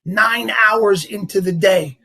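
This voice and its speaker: Husky New York man, rambling freely. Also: high-pitched, takes it slowly. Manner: animated, rambling, heavy on "you know" and "like". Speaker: actor guest. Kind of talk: casual interview chat.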